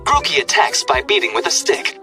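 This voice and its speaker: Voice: a little fast, natural voice. A voice actor playing an electronic encyclopedia device in a dubbed cartoon, reading entries in a chirpy, sing-song way. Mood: informative. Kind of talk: scripted dub narration. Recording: distant clip with music.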